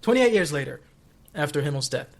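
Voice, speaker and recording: A young man co-hosting a casual podcast chat, joking and animated, laughing often. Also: on the high side, a little fast, creaky. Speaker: podcast co-host.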